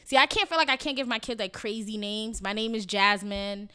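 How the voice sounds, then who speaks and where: A young woman chats on a podcast in a bright, forceful voice, from a Haitian family. She tells stories bluntly and with plenty of swearing, acting out other people's lines as she goes. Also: mid-range voice, fairly even intonation, fairly quick, smooth. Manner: blunt, profane storytelling with acted-out quotes. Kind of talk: casual chat.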